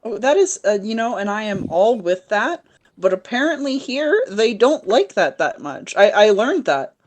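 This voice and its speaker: A woman's voice: mid-range voice, sing-song, normal speed. A woman in a casual tabletop role-play over voice chat, hesitant, with many fillers and restarts. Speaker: player.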